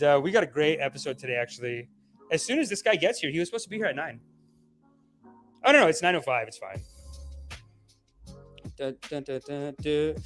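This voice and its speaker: A man's voice: high voice, pushed and bright. A man hosting a podcast, rambling, profane and mocking in loose commentary. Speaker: podcast host.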